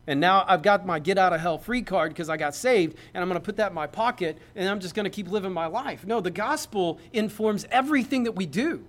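A man's voice: sits high, brisk, hardly any pauses, fairly bright tone. A man, a pastor, preaching a sermon in a conversational, joking way that builds to emphatic points.

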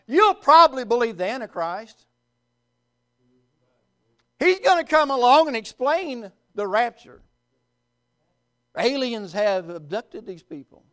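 High-voiced preacher. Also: male voice, fairly bright tone. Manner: emphatic, with dramatic pauses and swings in volume. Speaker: pastor. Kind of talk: sermon.

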